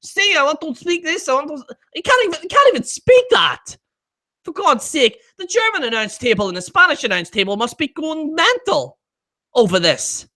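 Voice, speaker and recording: A man with a high-pitched voice hosts a live stream, ranting in exasperated disbelief. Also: sing-song, moderate pace, sharp tone. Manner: exasperated and incredulous.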